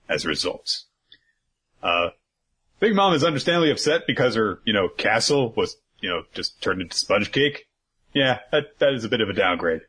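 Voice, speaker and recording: A man's voice: on the low side, fairly bright tone, slightly rough, rough recording. A man co-hosting a podcast, casually recapping an episode in a rambling way, with lots of fillers and freely dropped swear words. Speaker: podcast co-host.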